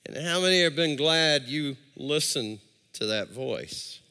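A man's voice: a little high, expressive, measured pace, sharp tone, clear, resonant tone, long reverb tail. A man preaching a sermon as pastor, talking animatedly, repeating words and calling out to the congregation.

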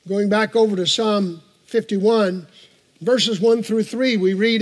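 A man's voice: high voice, steady tone, slow pace. A male pastor preaching a morning sermon in a church, earnest and emphatic, repeating key phrases and turning aside to talk casually with the congregation. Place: church sanctuary. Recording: long reverb of a large church hall.

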